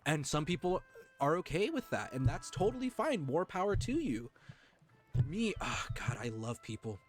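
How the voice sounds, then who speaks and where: A man streaming live, talking earnestly and emotionally to his chat, with halting restarts. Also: sits high, sing-song, over music.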